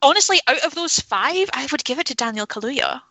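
A woman's voice: high voice, animated, a little fast, pushed and bright, no echo, poor audio. A woman talking candidly about films in a casual podcast chat, opinionated and swearing freely. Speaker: film podcast panelist.

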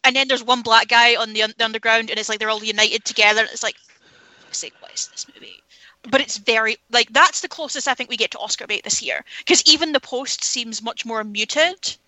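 A woman's voice: fairly high pitch, fairly quick, hardly any pauses, sharp tone, no echo, poor audio. A woman talking candidly about films in a casual podcast chat, opinionated and swearing freely. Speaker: film podcast panelist.

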